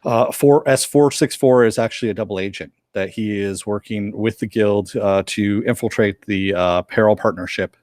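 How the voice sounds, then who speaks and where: A man's voice: on the low side, normal speed, hardly any pauses, darkish tone, no room sound, studio quality. A man co-hosting a casual review show, often laughing and retelling scenes. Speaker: co-host. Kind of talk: casual episode review chat.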